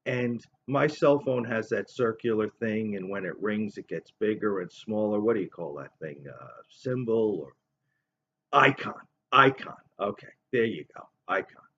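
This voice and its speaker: A man's voice: fairly low pitch, a little slow, bright, forceful tone, husky. A man in his fifties telling a long, rambling story in a casual monologue. He acts out other people's voices as he tells it. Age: 50s. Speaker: vlogger. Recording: dull lo-fi recording.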